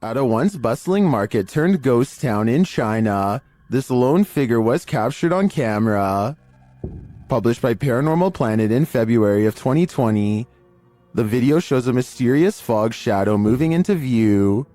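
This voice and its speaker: A man giving scripted narration of eerie video clips in a measured, even storytelling delivery. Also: mid-range voice, no room sound. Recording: faint music bed under voice.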